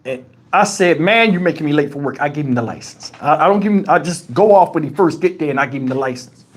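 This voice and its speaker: A man's voice: on the high side, fast, slightly rough. A man hosting a livestream, telling a story in casual, profane chat and acting out the dialogue as he goes. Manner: animated, profane, acts out quoted dialogue. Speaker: livestream host. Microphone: wireless lavalier.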